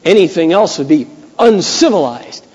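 A man preaching briefly imitates a punchy retired boxer who speaks slowly and carefully, trying to sound articulate. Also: fairly high pitch, sing-song, darkish tone, husky. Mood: earnest. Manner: slow, deliberate, trying hard to sound articulate. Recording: dull old hall recording.

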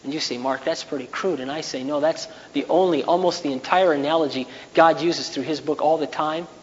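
A man preaching a sermon in an earnest way, now and then rising into loud, raised passages. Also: fairly high pitch, brisk, long reverb tail, highs cut off, a little hiss or hum. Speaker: pastor.

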